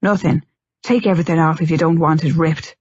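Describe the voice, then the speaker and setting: A woman putting on a gruff, low-muttering grown man, impatient and ardent, for an audiobook. The voice sits lower than her own and comes across a little husky. The recording is dull and lo-fi in a dry room. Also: steady tone, fairly quick, a little mellow, no echo.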